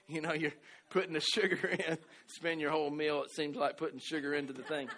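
A middle-aged man from the American South delivers a storytelling sermon in a bright, forceful voice pitched a little high. He restarts and repeats words often. He swings between loud exclamations and quiet asides. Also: little pitch movement, fairly quick. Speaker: pastor.

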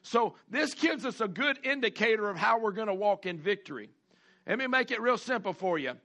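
High bright-voiced preacher man. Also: lively intonation. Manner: folksy preaching with call-outs, repeats and drawn-out emphasis. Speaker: pastor. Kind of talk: sermon.

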